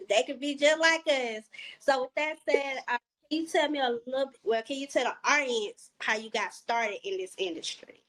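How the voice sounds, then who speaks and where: A woman interviewer with a fairly high voice keeps things relaxed and chatty. She asks her questions casually, with short agreeing remarks in between. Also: moderate pace. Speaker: interview host.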